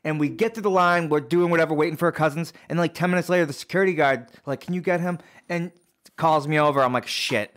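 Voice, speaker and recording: A man's voice: a little high, fast talker, fairly bright tone. A man co-hosting a casual podcast, telling a story in a loose, rambling way and quoting people along the way. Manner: chatty, lots of "like" and restarts, quotes others. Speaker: podcast co-host. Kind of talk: casual chat.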